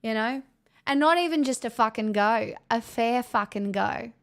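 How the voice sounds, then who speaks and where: A brash ocker ranter with a thick, nasal, broad Australian accent, put on by a woman. The voice swears and rambles in a coarse drawl, pitched a little high and carried by a smooth, clear tone. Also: normal speed, close to an everyday voice. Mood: blustering. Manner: crude, swearing, rambling ranting.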